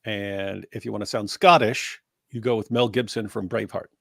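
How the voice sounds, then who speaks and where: Joking, animated man co-hosting. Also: fairly low pitch, normal speed, creaky, no echo, studio quality. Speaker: co-host of a live talk stream. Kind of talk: casual live-stream chat.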